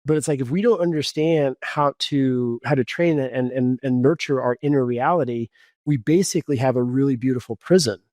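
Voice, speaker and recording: A man in his forties from Kansas talks as a podcast guest, winding through his stories with constant "like" and "you know". His voice sits at an ordinary pitch for a man. The sound is dry and close, with no room echo. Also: fairly quick, a little mellow. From Kansas, USA. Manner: rambling, lots of "like" and "you know". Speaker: guest coach. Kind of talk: casual podcast storytelling.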